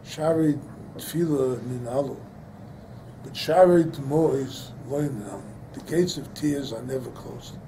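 A man's voice: mid-range voice, measured pace, mellow, slight background noise, rough recording. An older man, a rabbi giving a Torah lecture, telling a personal story and then preaching with rising emphasis, mixing in Hebrew terms. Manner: sprinkles Hebrew and Yiddish-inflected terms. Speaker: rabbi teaching a class.

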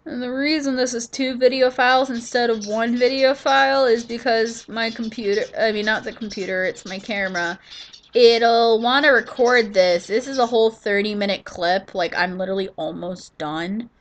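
A woman's voice: fairly high pitch, normal speed, muffled recording, a little hiss or hum. A woman giving a casual gameplay voiceover, tired and sniffly from allergies, rambling, yawning and trailing off. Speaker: gaming channel host.

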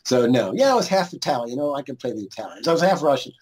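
A man's voice: mid-range voice, sing-song, racing, darkish tone, husky. Rambling, storytelling middle-aged man. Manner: storytelling, rambling with restarts and chuckles. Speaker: guest, lawyer, musician and actor. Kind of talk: casual interview chat.

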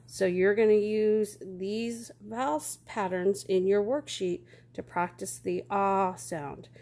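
A woman teaching a phonics lesson to young children, sounding out each word slowly and carefully. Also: medium pitch, fairly even intonation, a little mellow. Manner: slow, careful sounding-out of words.

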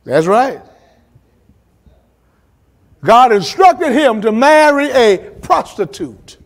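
Lively preaching pastor, high voice. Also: male voice. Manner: preachy, dramatic pauses, acts out quotes, colloquial asides. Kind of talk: Bible study sermon. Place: church.

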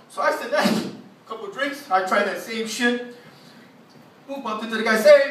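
A man's voice: high-pitched, brisk, pushed and bright. A man telling a profane stand-up story, laughing at his own jokes. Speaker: stand-up comedian. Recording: echoey room from far off.

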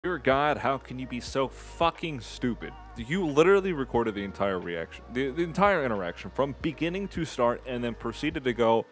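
Ranting, expressive young man commentator. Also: mid-range voice, normal speed, few pauses, faint music behind. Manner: profane, exasperated ranting. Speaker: commentary YouTuber. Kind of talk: angry commentary.

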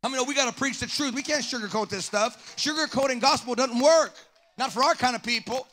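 Pastor, man, high and bright, fervent call-and-response preacher. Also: fast talker. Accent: Southern Californian. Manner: fervent preaching with call-and-response, rising into sing-song cadences. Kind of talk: sermon. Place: church sanctuary.

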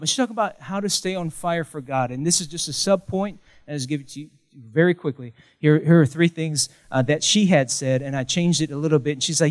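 A middle-aged man preaching a sermon as pastor, animated, with chants and call-and-response to the congregation. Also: a little high, quick pace.

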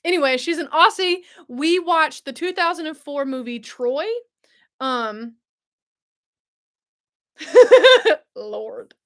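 A woman's voice: high voice, lively intonation, slow, long pauses. A young woman hosting a casual livestream, bubbly and chatty, laughing often and answering viewers. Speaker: host.

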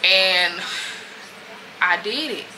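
A woman's voice: on the low side, extremely slow, pushed and bright. Chatty woman, noisy background. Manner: candid, chatty, keeps addressing viewers as y'all. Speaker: lifestyle vlogger. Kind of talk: casual chat to camera.

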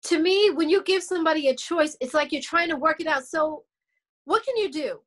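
A middle-aged woman with a high, fairly bright voice talks briskly. She's a singer in a candid interview chat, speaking bluntly and emphatically, swearing freely and acting out what others said.

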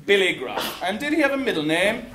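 A man's voice: high-pitched, brisk, noisy background. A man playing a bumbling, mock-grand police inspector in an amateur stage comedy. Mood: theatrical. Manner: theatrical, lively, mock-grand. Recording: echoey theatre hall from far off.

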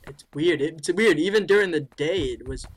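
A person giving let's-play commentary on a horror game. They swear often and mutter their thoughts aloud, then break into high shrieks when startled. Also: moderate pace, slightly rough. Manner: muttering and thinking aloud between scares. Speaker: gaming video creator.

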